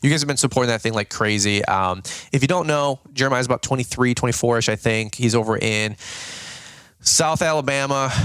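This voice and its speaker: A man's voice: mid-range voice, fairly bright tone, no echo. A man hosting a lawn care business channel, giving viewers a casual, rambling update full of "dude" and "okay?".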